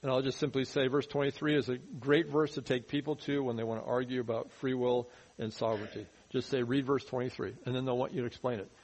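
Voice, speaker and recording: A man teaching verse by verse through a Bible passage in a conversational sermon, often dropping his voice low to stress a point. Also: level tone, fast, few pauses, a little mellow, low-quality recording. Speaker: pastor. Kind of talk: expository sermon.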